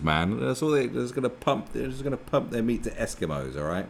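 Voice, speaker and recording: A man's voice: fairly low pitch, moderate pace, creaky, few pauses. A man giving crude, mocking commentary on a video clip. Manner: animated, sweary, mocking. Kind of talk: profane reaction commentary.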